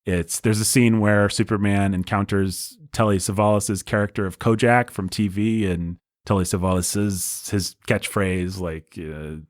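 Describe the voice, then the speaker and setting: A man's voice: on the low side, fairly even intonation, a little slow, few pauses, dry recording, clean studio sound. A man hosting a podcast, telling film history as a casual, enthusiastic storyteller. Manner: enthusiastic storyteller, breezy and conversational. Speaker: podcast host.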